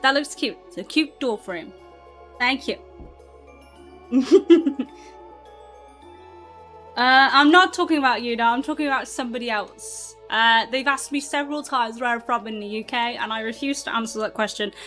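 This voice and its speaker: A woman's voice: a little high, normal speed, long pauses, bright, forceful tone, soft background music. A woman from southern England with a mixed British accent, chatting casually to her live chat while playing a game and laughing often. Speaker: streamer.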